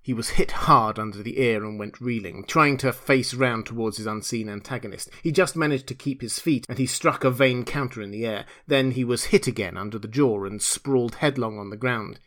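A man reads a classic novel aloud in scripted narration. His voice sits at a middling pitch, and his delivery is measured and dramatic. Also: fairly bright tone. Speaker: audiobook reader.

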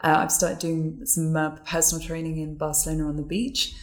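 A woman with a low voice talks as a guest on a podcast over a video call. She sounds easy-going and chatty, sprinkling her sentences with small fillers. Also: brisk. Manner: relaxed, chatty, warm agreement with frequent fillers. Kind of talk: casual conversation.

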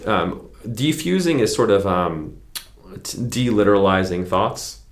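Man, deep voice, psychologist guest, conversational explaining, tag questions, echoey room. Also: animated, a little slow. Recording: roomy echo.

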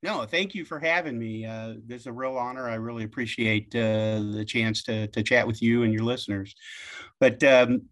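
A man's voice: mid-range voice, normal speed, fairly bright tone, dry recording. A man from Southern Illinois, a guest on an interview podcast, giving earnest answers with frequent fillers. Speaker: guest, economic development executive.

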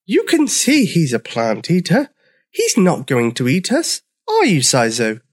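A man voicing a kind, motherly female dinosaur with a gentle manner in a storybook reading. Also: very high voice, wildly swooping pitch, slow pace, voice pushed up, heavily acted. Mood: kindly. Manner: gentle, kindly. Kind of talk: storybook character voice.

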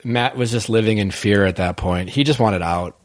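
A man's voice: lowish voice, normal speed. A man co-hosting a podcast, talking casually in a rambling, hesitant way with many fillers.

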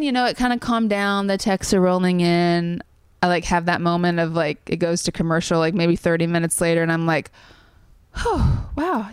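A woman's voice: on the low side, smooth, no room sound, studio quality. A woman in her thirties telling a personal story in a casual interview, earnest and full of fillers. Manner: chatty, many "like" fillers, earnest. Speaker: songwriter guest.

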